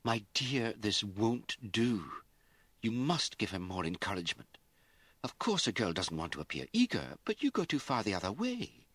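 A man's voice: on the low side, sing-song, moderate pace, fairly bright tone, dry recording, pitched above the performer's own voice. A fretful, imperious lady of the house, scolding her daughter in a raised, pinched voice, as a male narrator puts her on. Her tone swings wide, from wailing to bitter reproach. It sounds like a dry, close audiobook reading. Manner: wailing, scolding, rising to fury. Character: aristocratic middle-aged mother, anxious and bitter.

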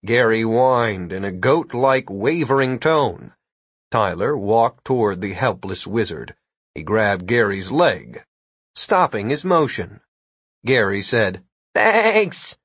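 Male storyteller reading comic fantasy; husky, dry, steady and wry. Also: on the low side, slow, dry recording. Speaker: narrator. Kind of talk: audiobook narration.

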